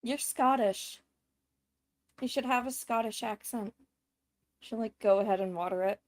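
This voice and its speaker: A woman with a fairly high voice speaks at an unhurried pace, with no room sound. She's a player in a casual tabletop role-playing game, describing her scene in a loose, chatty way with lots of fillers.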